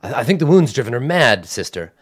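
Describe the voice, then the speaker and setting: A man voicing a male guard who reports quietly and hesitantly in a tabletop game. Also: medium pitch, big pitch swings, a little fast, no echo, studio quality. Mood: uneasy. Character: male guard, uneasy underling.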